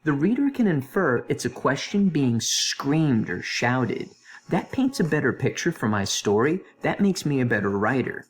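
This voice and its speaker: This male English teacher reviews grammar in a recorded lesson at a measured pace, his medium-pitched voice animated and dotted with playful comments to students.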